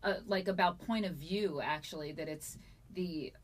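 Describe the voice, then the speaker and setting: Lower-voiced woman interviewer. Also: moderate pace. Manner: friendly, encouraging, asks follow-up questions. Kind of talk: conversational interview.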